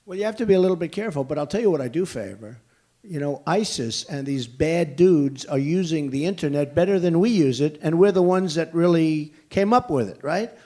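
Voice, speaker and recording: A man's voice: a little high, darkish tone. Blunt, emphatic older man at a rally. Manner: conversational, rambling asides. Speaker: political candidate. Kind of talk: campaign rally speech answering questions.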